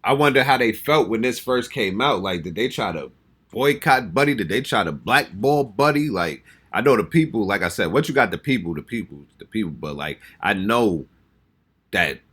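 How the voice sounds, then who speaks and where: An American man with a lowish, slightly bright and somewhat rough voice speaks at a normal pace with lots of animation. He hosts a reaction channel, casually commenting on music, exclaiming and often repeating himself.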